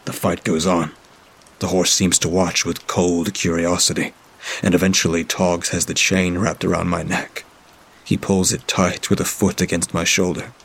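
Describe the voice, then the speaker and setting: Male storyteller for a horror narration: very low, husky voice, dramatic reading. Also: level tone, normal speed, a bit bright. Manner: dramatic, voices characters in dialogue.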